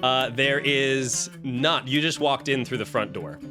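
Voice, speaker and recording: A man narrating and ruling as dungeon master of a tabletop game, quick and teasing. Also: medium pitch, music in the background.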